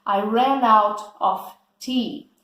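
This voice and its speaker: A woman teaching English vocabulary, explaining words slowly and patiently and often checking in with "okay?". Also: on the high side, fairly bright tone, echoey room, rough recording. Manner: slow and patient, checks understanding with a frequent "okay?".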